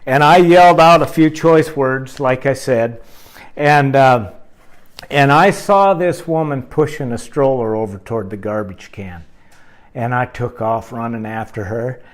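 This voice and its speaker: A man telling a rambling, animated story to his camera in a casual vlog. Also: medium pitch. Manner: animated, rambling, with fillers and asides.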